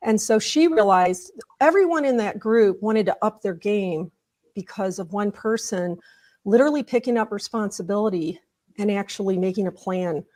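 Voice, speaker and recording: A woman's voice: medium pitch, a little mellow. A woman guest in an interview, retelling a conversation step by step. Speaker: guest, culture change consultant. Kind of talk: storytelling in an interview.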